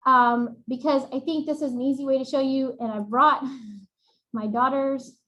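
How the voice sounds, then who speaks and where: Bright, high-voiced woman teaching a webinar. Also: moderate pace, echoey room, rough recording. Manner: animated, demonstrating routines aloud. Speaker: workshop presenter. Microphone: webcam.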